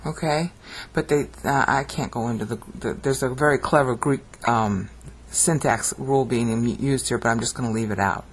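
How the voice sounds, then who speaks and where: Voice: medium pitch, normal speed, husky. A Bible language teacher giving a video lesson, explaining word by word, often checking in with "okay?" and chanting ancient phrases with dramatic rising emphasis. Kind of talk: video lesson on screen slides.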